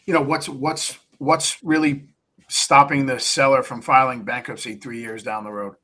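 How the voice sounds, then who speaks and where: A man talking as a guest on a podcast in an easy, casual way, with a voice of ordinary middle pitch. He gets animated as he explains, stumbling over and repeating words and slipping into little acted-out pitches to sellers. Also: moderate pace. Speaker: podcast guest, real estate investor. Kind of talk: casual interview talk.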